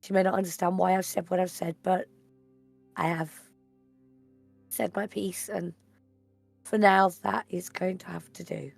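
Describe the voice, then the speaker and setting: A woman's voice: on the low side, little pitch movement, unhurried, gravelly, pauses often, no echo, soft background music. A woman playing her character in a tabletop game, speaking earnestly and formally with some hesitation. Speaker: player. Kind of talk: in-character role-play.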